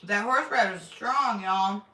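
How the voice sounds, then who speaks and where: A middle-aged homestead channel host, livestreaming casually from her kitchen, speaks at a normal speed with a medium-pitched, bright, forceful tone. She's chatty and blunt, swears, and addresses viewers by name. The recording is echoey, with a distant mic and faint noise.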